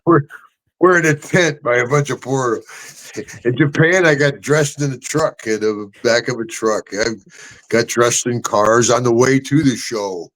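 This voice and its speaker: A man co-hosting a casual talk show, telling animated road stories, laughing often and jumping high into voices when he quotes people. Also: a little slow, poor audio. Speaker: podcast co-host, retired wrestler telling road stories. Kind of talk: casual storytelling chat.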